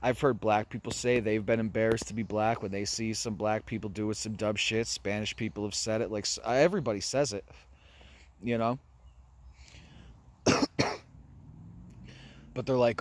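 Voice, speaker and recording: A man's voice: on the low side, normal speed, long pauses. A man from the United States vlogging in casual chat, talking loosely and swearing, with many fillers. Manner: casual, profane, many fillers like "you know".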